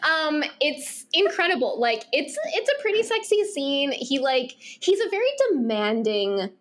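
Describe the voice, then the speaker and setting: A woman's voice: high voice, very animated, measured pace, fairly bright tone. A woman co-hosting a podcast, recapping a romance novel in casual chat, rambling with lots of fillers and acting out bits of dialogue. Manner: rambling, filler-heavy, acts out character lines. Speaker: podcast co-host.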